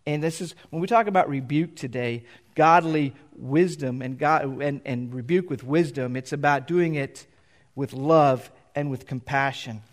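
Middle-aged man, pastor, sermon in a church, somewhat high voice, reads scripture then explains casually. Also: unhurried. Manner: loose and conversational between readings. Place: church sanctuary.

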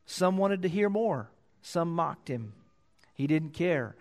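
A pastor preaching a sermon, reading scripture aloud and repeating key phrases for emphasis. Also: male voice, lively intonation, measured pace. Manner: reads scripture louder and higher, then drops low to explain.

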